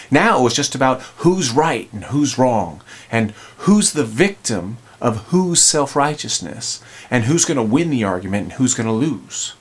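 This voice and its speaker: Male relationship coach, mid-pitched, conversational storyteller. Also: slightly rough. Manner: conversational, acts out quotes. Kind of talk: storytelling talk.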